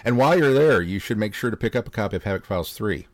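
An older man co-hosting a podcast in casual chat, an animated storyteller who laughs often. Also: lowish voice, very fast, no room sound. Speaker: podcast co-host.

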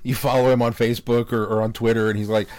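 An older man co-hosting a podcast in casual chat, an animated storyteller who laughs often. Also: mid-range voice, fast talker, dry recording. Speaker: podcast co-host.

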